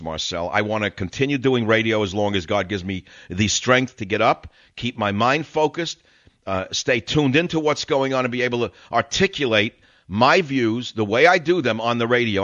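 An older man hosts a radio call-in show in an insistent, sermon-like way, stacking repeated phrases to hammer his point home. His voice sits at an ordinary male pitch. It is recorded dry and close, with a slightly dull tone. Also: a bit bright, no room sound. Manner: emphatic, preachy, repeats phrases for effect. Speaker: radio talk show host. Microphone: studio broadcast mic.

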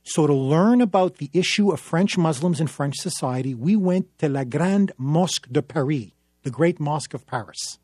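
A man's voice: a little high, animated, normal speed, few pauses, slightly rough, no room sound, studio quality. A man, a newspaper columnist, telling a story in an impassioned public speech, emphatic and dramatic. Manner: emphatic, dramatic, building to forceful peaks.

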